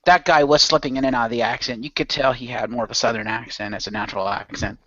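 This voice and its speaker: A man in a casual podcast chat, telling stories in a lively way. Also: medium pitch, fast, no echo. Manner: lively storyteller. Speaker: podcast co-host. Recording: dull lo-fi dry sound.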